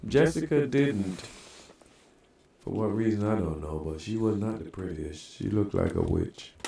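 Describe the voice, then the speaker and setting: A man's voice: fairly low pitch, expressive, unhurried, gravelly, warm tone, heavy reverb, distant mic, slight background noise. A man co-hosting a podcast in casual chat, joking bluntly and laughing often. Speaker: podcast co-host.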